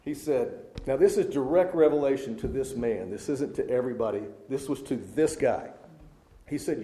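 A man's voice: medium pitch, normal speed, mellow. A man preaching a sermon to a live audience, talking to them in a conversational way and putting questions to the crowd. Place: large room with a live audience. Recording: echoey room.

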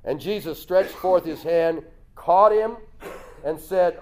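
A man preaching a sermon, telling the story lively, acting out voices and chuckling often. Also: a little high, slow, slight background noise. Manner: lively storytelling, acts out voices with loud jumps.

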